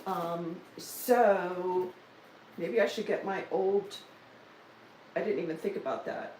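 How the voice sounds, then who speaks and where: A woman's voice: lowish voice, takes it slowly, darkish tone, roomy sound, distant mic, a little hiss or hum, low-quality recording. A woman, chatting casually on a live stream about her stitching projects, with joking asides and self-deprecating humor. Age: 60s. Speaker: stitching vlogger.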